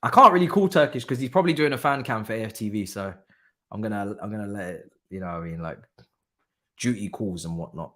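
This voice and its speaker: His voice sits low yet sounds pushed and bright, and he talks at a quick pace. As host of a live football watchalong stream, he cackles and taunts over a rival club's defeat, cursing freely in slangy banter.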